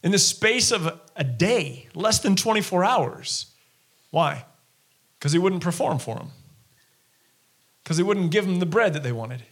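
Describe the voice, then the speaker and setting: A male pastor preaching a sermon in an animated way, acting out the people he quotes. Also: high-pitched, unhurried, long pauses.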